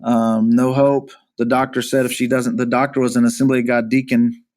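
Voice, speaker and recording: A pastor being interviewed, earnestly recounting a hard personal story, often halting and repeating words as he goes. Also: medium pitch, little pitch movement, darkish tone. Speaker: pastor, podcast guest.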